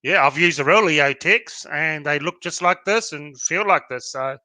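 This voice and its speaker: A man's voice: fairly high pitch, moderate pace, pushed and bright, no echo. An Australian man co-hosting a podcast, chatting casually and reading out viewer comments with plenty of fillers. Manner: laid-back, lots of fillers, reads viewer comments aloud. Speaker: podcast co-host. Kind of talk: casual chat.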